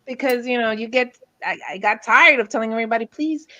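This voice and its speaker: A woman's voice: fairly high pitch, quick pace, bright, forceful tone, no room sound, poor audio. A woman, a paranormal investigator, chatting animatedly and laughing often on a video call panel.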